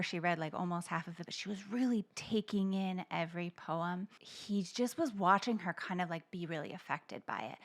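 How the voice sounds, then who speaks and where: A woman co-hosting a podcast, recounting a story in a casual, heartfelt way and often dropping to a near whisper. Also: lowish voice. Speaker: podcast co-host, poet.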